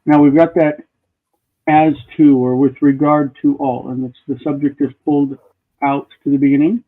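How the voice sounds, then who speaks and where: A man's voice: a little high, level tone, moderate pace. Man teaching Hebrew over a tinny call. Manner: explanatory, thinks aloud with restarts. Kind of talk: live online grammar class. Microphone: video call. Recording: tinny phone-like call audio.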